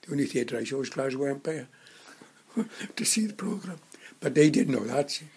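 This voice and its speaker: A man in his nineties reminiscing in casual conversation, a halting storyteller who rambles and restarts his sentences. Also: medium pitch, lively intonation, darkish tone, slightly rough. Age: 90s. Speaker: interviewee.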